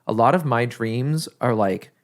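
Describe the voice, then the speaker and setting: A man's voice: medium pitch, a little slow. A man with a Midwestern accent, co-hosting a podcast in casual chat and rambling while he searches for words. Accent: Midwestern American. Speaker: podcast co-host.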